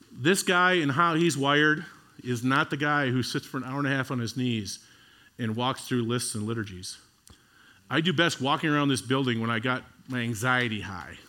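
A male pastor preaching a sermon in a conversational, animated way, swinging from loud bursts to hushed, slow passages. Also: mid-range voice.

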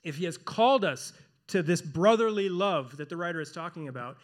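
With a voice on the high side and lively intonation, a pastor and church elder delivers his sermon earnestly and emphatically. He slows down whenever he wants to stress a key phrase.

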